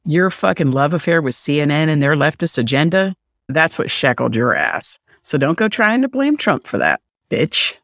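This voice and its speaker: A man's voice: fairly high pitch, big pitch swings, normal speed, vocal fry, a bit bright, no room sound, clean studio sound. A middle-aged man hosting a podcast, ranting solo in a sarcastic, profane way. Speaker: podcast host. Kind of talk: solo opinion rant.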